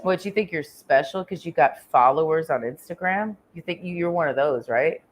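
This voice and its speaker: A woman's voice: low voice, moderate pace, slight background noise. A woman from Texas ranting in a crude, confrontational vlog monologue, swearing constantly and rambling with trailing "and"s. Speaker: vlogger.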